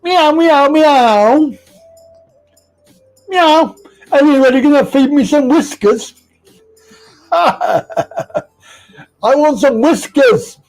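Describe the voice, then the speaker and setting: A man's voice: extremely high pitch, extremely slow, long pauses, a little mellow, faint music behind, voice pushed up, exaggerated voice, poor audio. A man putting on a hungry house cat that mews and wheedles playfully for food. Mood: begging.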